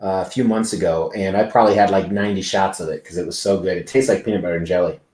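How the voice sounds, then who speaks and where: Low-voiced man rambling on a live stream. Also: steady tone, quick pace, darkish tone, roomy sound. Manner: rambling, chatty, swears freely. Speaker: livestream host. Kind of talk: casual live-stream chat. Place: large indoor convention venue.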